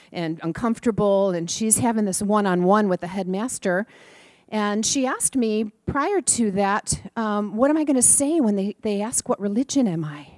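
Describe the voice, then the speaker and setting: Middle-aged woman, lively sermon storyteller, dry close mic. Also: medium pitch, no room sound. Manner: animated storyteller, acts out voices, laughs often. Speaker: student minister giving a talk.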